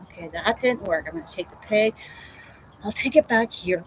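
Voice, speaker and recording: A woman's voice: mid-range voice, normal speed, a little hiss or hum, natural voice, rough recording. A woman voicing the thoughts of her curious female pet ferret, musing as she thinks aloud. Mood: puzzled.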